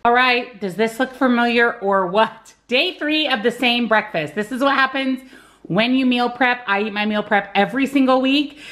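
A woman's voice: a little high, normal speed, fairly bright tone. A woman in her thirties chatting casually to her viewers in an upbeat vlog, filming herself at home. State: out of breath after a workout. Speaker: lifestyle vlogger. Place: home garage and kitchen.

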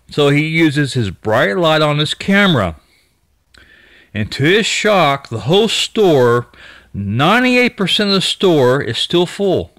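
A man's voice: a little high, fairly bright tone, no echo. A man casually retelling what another person found in an abandoned store, rambling with restarts and mild cursing. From United States. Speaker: YouTube storyteller.

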